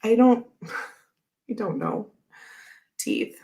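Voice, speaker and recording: A woman's voice: fairly high pitch, expressive, drawn-out words, darkish tone. A woman hosting a casual chat, telling a rambling story full of fillers and frequent laughs. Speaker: tarot channel host.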